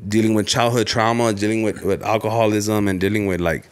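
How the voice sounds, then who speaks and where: A man's voice: fairly low pitch, flat delivery, fairly quick, smooth. A man, co-hosting a podcast as a casual chat, blunt and profane, telling stories. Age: late 20s to 30s. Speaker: podcast co-host.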